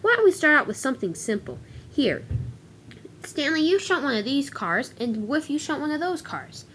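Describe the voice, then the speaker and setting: A woman's voice: high voice, very animated, normal speed, fairly bright tone, a little hiss or hum, voice pushed up. A woman voicing a firm, proper female diesel engine who scolds unruly trucks in a toy-train story. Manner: firm, scolding, a bit stiff.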